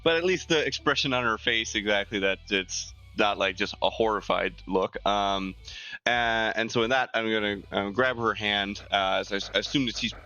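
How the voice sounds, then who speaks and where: A man's voice: fairly low pitch, normal speed, pushed and bright, muffled recording, faint music behind. A man playing a tabletop game, describing his character's actions in a rambling, filler-heavy way. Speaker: player.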